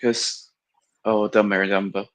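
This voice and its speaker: A man's voice: on the low side, flat delivery, slow pace, dry recording, rough recording. A man co-hosting a live football watch-along, firmly arguing tactics in casual chat. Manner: argumentative, explains tactics firmly.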